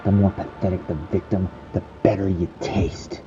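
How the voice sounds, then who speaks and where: A man voicing a cruel, hulking male wolf-beast monster in a horror story, deep and taunting. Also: flat delivery, normal speed, warm tone, muffled recording, faint music behind, close to an everyday voice. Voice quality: deep, gravelly, macho. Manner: taunting, mocking.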